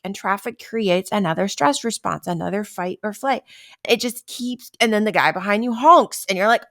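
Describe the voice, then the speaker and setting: This podcast host has a mid-range, fairly bright voice and keeps a moderate pace. Her wellness talk is relaxed and chatty, with little acted-out scenes of daily stress and frequent "right?" check-ins.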